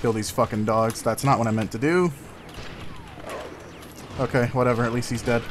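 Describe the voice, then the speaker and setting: A man's voice: mid-range voice, fairly even intonation, moderate pace, background noise. A man commenting casually on the game he is playing and swearing freely as he goes. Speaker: let's play gamer.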